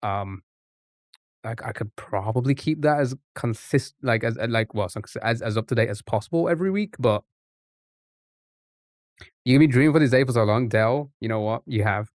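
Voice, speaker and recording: Male streamer, mid-pitched, chatty and rambling, close dry mic, casual live-stream talk. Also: moderate pace, pauses often, no room sound. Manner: rambling, chatty, trips over words.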